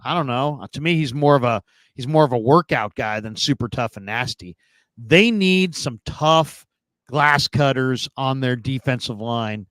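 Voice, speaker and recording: A man's voice: medium pitch, normal speed, a bit bright, dry recording. A man on a sports talk show giving his opinions casually, thinking aloud with frequent restarts. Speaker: sports podcast panelist.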